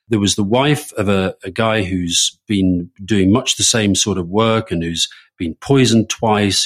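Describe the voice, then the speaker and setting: A man co-hosting a political podcast, telling an amused, animated anecdote in casual chat. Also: fairly low pitch. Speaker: podcast co-host.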